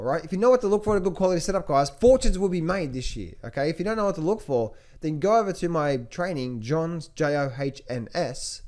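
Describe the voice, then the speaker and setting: A man's voice: a little high, darkish tone. A man hosting a stock market commentary, emphatic and repetitive, often restarting his sentences and calling out to his viewers. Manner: emphatic, repeats phrases, keeps addressing viewers as traders and guys; restless with many restarts and fillers. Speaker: trading coach and channel host.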